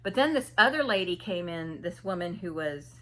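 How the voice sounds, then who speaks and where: A woman's voice: fairly low pitch, expressive, moderate pace, fairly bright tone. A woman vlogger telling a story casually and animatedly, imitating people and laughing often.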